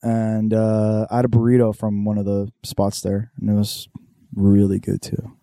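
A man's voice: on the low side, completely flat delivery, moderate pace, creaky, dark tone, dry recording, clean studio sound. A young man, hosting a podcast and telling a story in casual chat, swearing a lot and acting out the voices of people in it. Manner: laid-back storyteller, swears a lot, acts out quotes. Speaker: podcast host.

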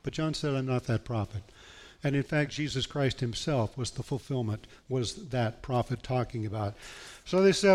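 A man's voice: medium pitch, lively intonation, moderate pace, a little mellow. A male pastor preaching a sermon, reading scripture aloud in an earnest, emphatic way. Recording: long hall reverb.

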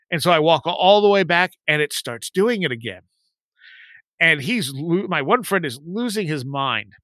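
A man in his forties telling a story in a casual chat, rambling and lively when he quotes his friends. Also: a little high, moderate pace, dry recording.

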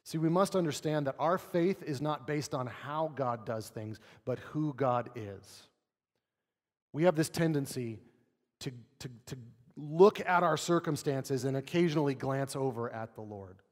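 An earnest male pastor preaching a sermon, his mid-pitched voice trailing into a long hall reverb. He leans on rhetorical questions and sinks low and soft when he reads scripture aloud. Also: measured pace.

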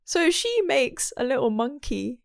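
A woman talks through a show's plot with lots of energy, swearing and laughing along the way. Her voice is smooth and resonant. The sound is close and dry. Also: sits high, measured pace, no echo. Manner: animated, swearing, laughs a lot. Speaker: show reviewer. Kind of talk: casual chat.

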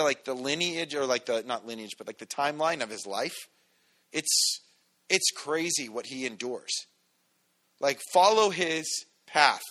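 A man's voice: fairly high pitch, pushed and bright. A man preaching a sermon as pastor, teaching through a scripture passage in a casual way with joking asides and frequent restarts. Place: church sanctuary.

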